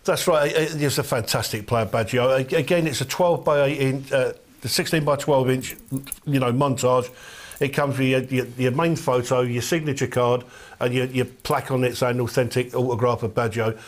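A man's voice: mid-range voice, fairly even intonation, normal speed. Easygoing male shopping-channel co-host. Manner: casual, agreeable, enthusing. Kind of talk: TV sales chat.

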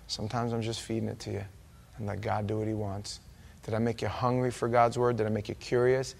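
A man's voice: fairly low pitch, level tone, a little fast, creaky, darkish tone. A man preaching an informal Bible-study sermon in a church, chatty and joking with his congregation. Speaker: pastor. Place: church sanctuary.

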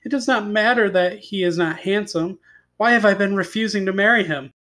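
A man's voice: high voice, a little fast, sharp tone, pitched above the performer's own voice. A man voicing a young, kind-hearted heroine in a fairy tale read-aloud, with an emotional, pleading delivery. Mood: earnest. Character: young woman heroine, tender and earnest.

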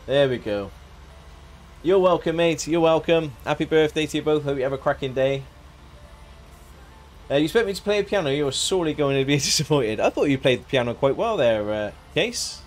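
A man's voice: on the high side, expressive, fairly quick. A man chatting casually on a live game stream, joking, laughing and thanking viewers by name.

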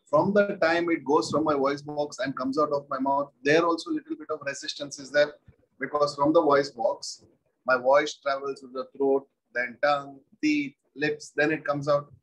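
Husky lecturer repeating each point. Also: male voice, a little high, moderate pace, poor audio. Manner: repeats each point, asks rhetorical questions. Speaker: physics lecturer. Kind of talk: classroom lecture.

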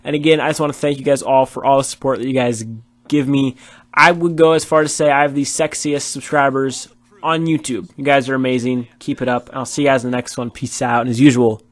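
A man's voice: medium pitch, flat delivery, a little fast, dry recording. A tired man doing casual, rambling commentary over his football video game match, with many fillers. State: tired, yawning. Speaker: gaming YouTuber.

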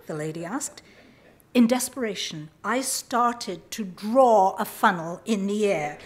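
A woman from England, reading aloud a humorous personal story in a lively, self-mocking way. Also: mid-range voice, slow. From southern England. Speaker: writer reading her work.

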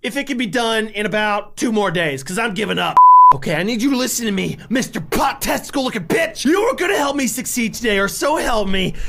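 A man giving raging gameplay commentary, shouting threats and insults at the game character. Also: very high-pitched, creaky, very noisy. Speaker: gamer streaming a game.

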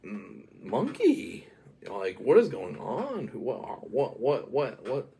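A man voicing an excitable, chatty young princess in a homemade bedtime story. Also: mid-range voice, slow pace, vocal fry, a little hiss or hum, heavily acted. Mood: gushing.

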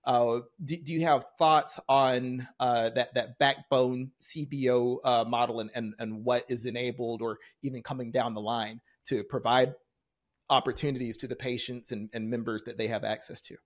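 A man hosting an interview, asking questions and reading them out from the audience, halting with many "uh" sounds. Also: mid-range voice, steady tone. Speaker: interview host.

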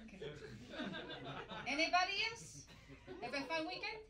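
A woman doing a live stand-up impression of a vain, over-the-top female diva singer with a put-on French-Canadian accent, talking loud and sing-song. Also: very high-pitched, sing-song, normal speed. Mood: catty, teasing. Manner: loud, campy, sing-song, bursting into shouts. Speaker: comedian doing a character impression. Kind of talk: live stand-up character act. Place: comedy club stage. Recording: roomy live venue from far off, audience noise.

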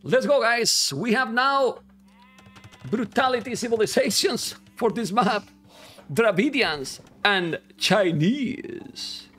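Male esports caster, Spanish accent, native Spanish speaker, high and sharp voice, excitable, yells at players. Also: slow, breathy edge. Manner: excitable, talks to viewers as guys, bursts into yelling at players. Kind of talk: live game commentary.

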